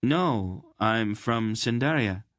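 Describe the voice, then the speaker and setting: Storybook casting: a blunt, matter-of-fact boy hero, in a low male voice, the narrator's own. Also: animated, takes it slowly, fairly bright tone, dry recording, clean studio sound.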